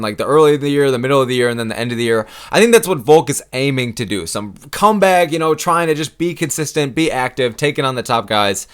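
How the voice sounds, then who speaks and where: Fast-talking, foul-mouthed fight-fan man. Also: medium pitch. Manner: profane, excitable, rambling. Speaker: MMA commentary YouTuber. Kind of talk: casual fight-talk rant to camera.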